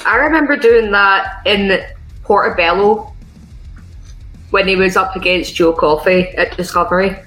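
A woman's voice: mid-range voice, a little slow, a bit bright, roomy sound, soft background music, poor audio. A woman on a quiz panel, thinking aloud, getting flustered and laughing in casual podcast banter.

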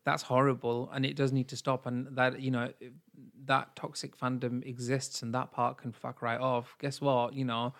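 A man co-hosting a laid-back podcast, speaking with a smooth, resonant clarity at a mid pitch. He is earnest and blunt, and swears freely. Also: little pitch movement, normal speed, a bit bright. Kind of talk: casual podcast chat.

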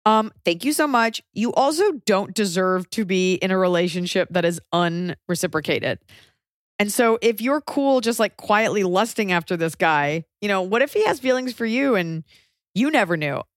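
A young woman co-hosting a podcast and giving casual, blunt advice, often swearing and stacking up quick questions. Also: mid-range voice, animated, dry recording, studio quality. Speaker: podcast co-host, comedian.

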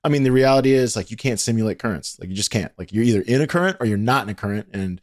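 A man hosting a podcast interview, energetic and enthusiastic, peppering his talk with "like". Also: lowish voice, very fast. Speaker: podcast host.

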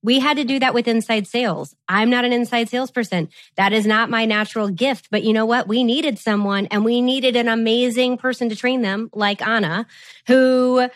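Higher-voiced woman giving direct advice. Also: fairly even intonation, moderate pace, no room sound, clean studio sound. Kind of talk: casual podcast chat.

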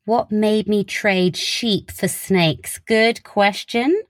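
A woman's voice: mid-range voice, very slow, no room sound, clean studio sound. A young woman from Wiltshire with a southern English accent, chatting in an interview, laughing often and using plenty of "like". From Wiltshire, England. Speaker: interviewee, social media creator. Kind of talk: casual interview chat.

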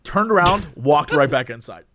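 Man, casual anecdote, high voice, very lively, laughs a lot. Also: normal speed. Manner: animated, laughing often, acting out quoted people. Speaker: storyteller in a chat.

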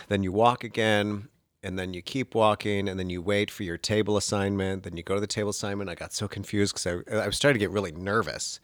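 A man telling a funny story in casual chat, animated, lifting into higher, sillier voices when he quotes people. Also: a little fast, no room sound.

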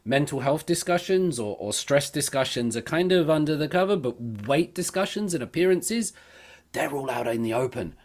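A man's voice: a little high, lively intonation, moderate pace. A man interviewing a guest in casual conversation, often stammering as he starts his sentences.

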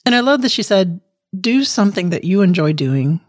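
A woman talks to her listeners in a casual podcast monologue, energetic and quick to laugh. Her voice is starting to give out. The sound is dry and close, with no room in it. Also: fairly low pitch, no room sound. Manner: chatty, energetic, laughs often. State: losing her voice. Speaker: podcast host.

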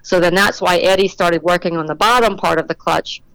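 A middle-aged woman guest on a podcast tells a lively story and acts out the voices of her crew. Her voice sits low and sounds smooth and clean. The recording is dry and close to the mic. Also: fairly quick, no echo, rough recording. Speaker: drag racing motorcycle rider, guest.

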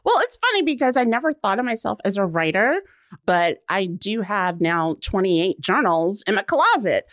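A woman being interviewed, telling her story in an animated, laughing way and acting out what people said to her. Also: mid-range voice, normal speed, no room sound, clean studio sound. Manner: animated, laughs often, acts out quotes. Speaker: guest. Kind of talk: casual interview chat.

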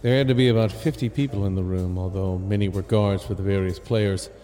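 Deadpan man narrating a comic audio drama, mellow low voice, reverberant sound, music behind. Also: fairly quick. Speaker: narrator and lead performer.

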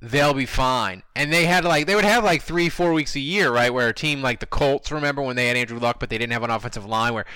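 A man's voice: mid-range voice, fast talker, few pauses, sharp tone, clean tone, no room sound. A man hosting a podcast, chatting casually and animatedly with his co-hosts. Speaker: podcast host. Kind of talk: casual chat.

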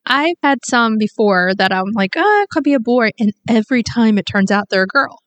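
A woman with a somewhat high voice co-hosting a casual podcast. She is playful and laughs often, chatting easily with her co-host. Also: expressive, fairly quick, a bit bright, dull audio. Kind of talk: casual chat.

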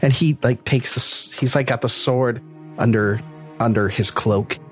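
A man narrating a tabletop role-playing game as game master, in a relaxed, casual way. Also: mid-range voice, moderate pace, soft background music.

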